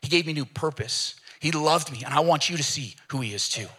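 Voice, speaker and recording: A man's voice: fairly high pitch, a little fast, breathy edge. A man preaching a sermon as a pastor, telling stories and putting on voices for the people in them. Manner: animated storytelling with acted voices.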